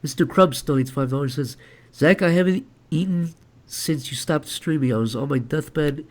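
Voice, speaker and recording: Pitched on the high side and speaking at a normal speed, a male streamer-animator sketches live. His talk is casual and crude, broken up by donation readouts.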